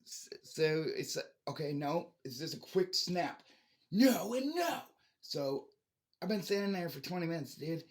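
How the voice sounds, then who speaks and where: A man vlogging in a rambling monologue, frustrated and ranting with restarts and swearing. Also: mid-range voice.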